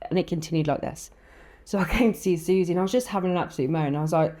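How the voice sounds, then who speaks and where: A woman co-hosting a podcast, chatting casually and telling an animated story with acted-out quotes and frequent laughter. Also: on the low side, rapid-fire, hardly any pauses. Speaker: podcast co-host. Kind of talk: casual chat.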